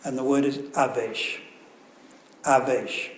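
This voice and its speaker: A visiting guru with a fairly high voice gives a slow, conversational sermon in a temple hall, weaving anecdotes with joking asides. The hall is echoey, with faint room ambience.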